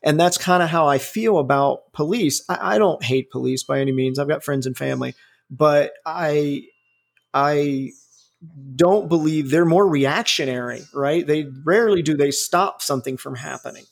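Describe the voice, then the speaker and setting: A man's voice: a little high, moderate pace, gravelly. A man in his forties giving his opinions in casual talk, blunt and profane, rambling with frequent restarts. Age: 40s.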